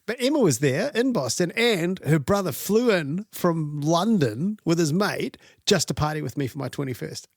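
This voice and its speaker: A man's voice: fairly high pitch, lively intonation, moderate pace, few pauses, no room sound, clean studio sound. A middle-aged man, co-hosting a podcast and telling self-mocking stories in casual chat. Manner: laid-back storytelling, self-mocking. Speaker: podcast co-host.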